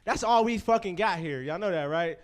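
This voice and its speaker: A man's voice: high voice, expressive, normal speed. A man in his twenties from Pittsburgh hosting a stand-up comedy show, talking loose and profane and teasing the crowd. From Pittsburgh, USA. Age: 20s.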